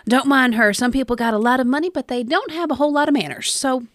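A woman's voice: high-pitched, fast talker, no room sound, studio quality, lightly acted. A woman playing a chatty, friendly antiques-hunting traveler with a Southern accent in a tabletop game.

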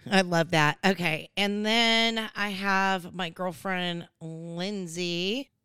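A woman's voice: lowish voice, fairly even intonation, takes it slowly, pushed and bright, smooth, dry recording. A woman hosting a reality-show recap, chatting casually in a gossipy, digressive way. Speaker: recap host.

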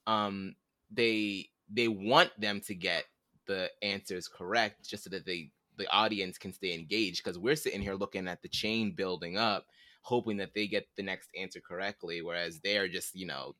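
A male podcast co-host in casual chat who gets animated and laughs through his points. His voice sits low but has a bright, forceful edge. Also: moderate pace, no room sound. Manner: animated, laughs while talking.

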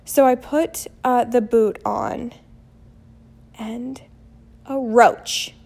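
A woman in her thirties telling a story casually as a vlogger, animated and blunt, acting out what people said. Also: a little high, very slow, vocal fry. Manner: animated, acts out quotes, blunt with mild swearing. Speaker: vlogger and mother.

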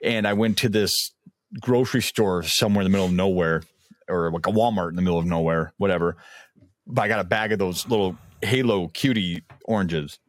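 A man's voice: low voice, brisk, dry recording, studio quality. A man co-hosting a podcast in casual chat, telling rambling stories with plenty of filler and laughing often. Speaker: podcast co-host.

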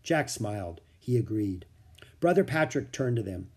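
Husky, expressive male storyteller. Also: on the low side, moderate pace. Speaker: narrator. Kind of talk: children's book reading.

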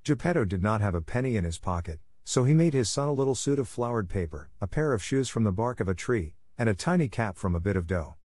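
A man reads a classic children's story aloud in a steady, measured way. His voice sits low for a man. The recording is dry and close, with no room sound around him. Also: no echo. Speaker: audiobook narrator. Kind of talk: storybook narration.

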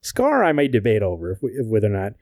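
A man with a lowish voice talks at a quick pace, recorded without echo. As a podcast co-host in casual chat, he tells stories animatedly, swearing and joking throughout.

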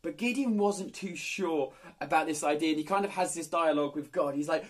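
A man reads a passage of Scripture and then talks it through in an easy, chatty sermon, his voice sitting a little high. He speaks plainly, with the odd filler and restart. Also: fairly quick. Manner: relaxed, conversational, with fillers. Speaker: preacher. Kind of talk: Bible reading and casual sermon.

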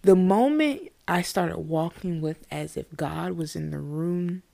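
Young woman, low and fry-heavy voice, casual animated storyteller. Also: a little slow. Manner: conversational, animated with quoted voices, frequent "you know what I mean". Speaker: podcast guest or host sharing a personal story.

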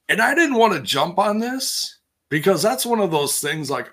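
A man's voice: mid-range voice, lively intonation, moderate pace, sharp tone. A man hosting a casual live stream, rambling through a recap with lots of fillers and restarts while reading viewer comments. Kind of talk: casual chat.

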